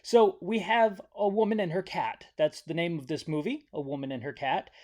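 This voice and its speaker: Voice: mid-range voice, moderate pace, darkish tone. A host retelling a horror movie's plot from memory in a rambling, joking way, tripping over words and correcting themselves. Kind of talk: comedic movie recap.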